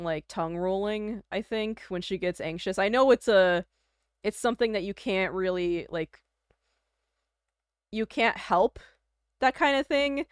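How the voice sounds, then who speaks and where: A young Canadian woman streams from home, her voice smooth and resonant in a very dry close-miked sound. She rambles in easy casual chat, full of fillers and giggles. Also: medium pitch, no room sound. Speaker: livestreamer.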